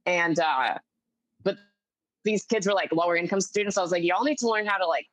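A young woman in casual podcast chat, rambling along and peppering every thought with "like" as she acts out quotes. Her voice sits on the lower side for a woman. The sound is dry and close, with no room in it. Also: brisk, fairly bright tone, no echo, rough recording. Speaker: guest comedian. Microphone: video call.

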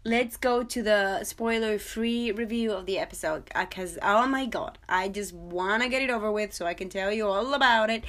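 A young woman hosting a solo podcast, chatting excitedly and casually with frequent fillers. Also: medium pitch, moderate pace, hardly any pauses. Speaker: podcast host.

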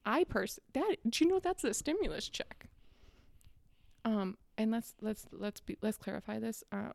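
A young woman rants with sarcastic exasperation, her voice fairly high yet mellow, with a gravelly fry running through it. The sound is close and dry, with no room around it. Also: dry recording. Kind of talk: casual ranting monologue.

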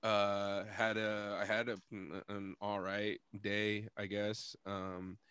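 A man's voice: fairly low pitch, little pitch movement, takes it slowly, fairly bright tone, clear, resonant tone, dry recording. A young man hosting a podcast, telling a story in a casual, rambling, profane way and laughing often. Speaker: podcast host.

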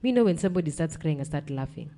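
A young woman with a Kenyan accent speaks low and mellow. She tells a painful family story in blunt, slangy talk and sounds close to tears. Her voice stays dark and soft. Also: animated, rapid-fire. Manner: mixes English and Swahili slang, blunt, swears. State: emotional, near tears. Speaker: podcast guest. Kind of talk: emotional personal storytelling.

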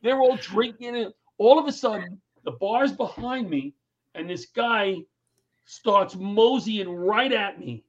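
Animated New man telling stories. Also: high voice, slow, muffled recording. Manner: animated storyteller, acts out quotes in raised voice. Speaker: guest comedian and former firefighter. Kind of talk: storytelling in casual interview chat.

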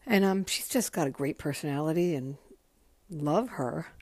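Low-voiced, profane woman podcaster. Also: lively intonation, normal speed, darkish tone, no echo. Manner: candid and profane, rambling with frequent ums. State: tired, yawning. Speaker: podcast host. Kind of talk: casual solo podcast chat.

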